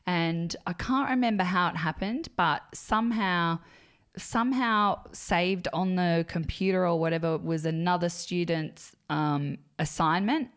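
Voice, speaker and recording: A woman with a notably low voice tells a school story on a casual podcast. She is an animated storyteller who keeps acting out what people said. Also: unhurried, clean tone. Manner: animated storyteller, acts out quotes. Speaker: podcast co-host. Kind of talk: casual chat.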